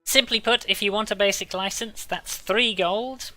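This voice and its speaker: A man's voice: sits high, moderate pace, bright, forceful tone, no room sound, faint music behind, voice pushed up. A man doing a prim, fussy halfling clerk. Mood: businesslike. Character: polite fussy male halfling secretary.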